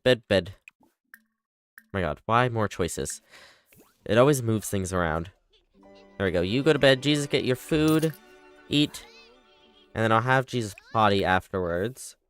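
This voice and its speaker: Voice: mid-range voice, lively intonation, normal speed, pauses often, soft background music. A livestreamer giving casual running commentary on a game, chattily bossing the characters around. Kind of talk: casual live gameplay commentary.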